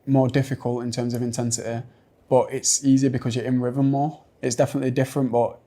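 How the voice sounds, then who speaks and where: A young man from Manchester, a footballer guest on a podcast, who talks in a soft, reflective way with lots of fillers. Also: mid-range voice, little pitch movement, fast. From Manchester, England. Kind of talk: casual podcast interview.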